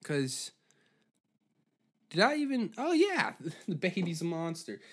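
A man hosting a podcast who rants in a profane, rambling, animated way. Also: high voice, slow pace. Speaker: podcast host. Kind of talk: comedic rant.

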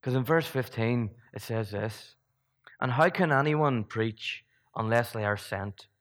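A man's voice: medium pitch, a little slow, in a large hall. A man preaching a sermon in a church, talking conversationally, asking many rhetorical questions and restarting his sentences.

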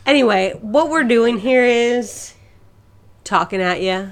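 A woman's voice: on the high side, lively intonation. A woman co-hosting a casual podcast, bantering and teasing her co-hosts. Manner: teasing, slow-paced banter. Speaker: podcast co-host. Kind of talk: casual chat.

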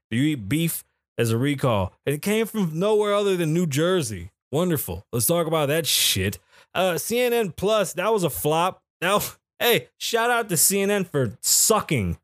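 A man hosting his own podcast, chatting casually in a loose, joking and profane way, with sudden jumps in pitch. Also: no room sound, studio quality. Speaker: podcast host.

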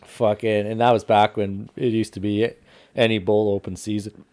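A man telling hunting stories in casual podcast chat, profane and animated. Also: fairly low pitch, normal speed.

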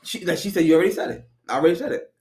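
A man's voice: a little high, lively intonation, very fast, a little mellow, echoey room. A man co-hosting a podcast, arguing defensively and insistently in casual chat. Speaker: podcast co-host.

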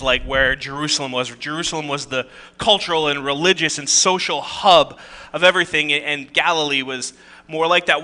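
A man with a very bright, forceful tone and a somewhat raised pitch preaches a casual sermon. He moves between reading scripture aloud and easygoing asides, tossing in jokes and rhetorical questions to his listeners. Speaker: pastor.

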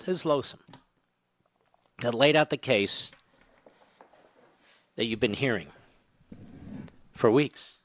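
A man's voice: medium pitch, takes it slowly, pauses often, no echo. Combative older male talk radio host. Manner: combative, sarcastic, builds to emphatic peaks. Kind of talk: political talk radio monologue. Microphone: studio microphone.

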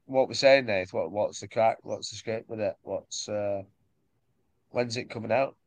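A man's voice: lowish voice, a little slow, dry recording. A man with a Northern English accent co-hosting a podcast, chatting casually with crude jokes and frequent laughter. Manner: crude, joking, laughs often. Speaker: podcast co-host. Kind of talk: casual chat.

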